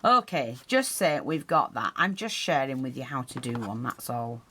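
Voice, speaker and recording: A woman's voice: rumbling low, expressive, moderate pace, fairly bright tone, slight background noise. A woman teaching a hands-on craft tutorial, chatting and explaining as she works, her breathing audible while she concentrates.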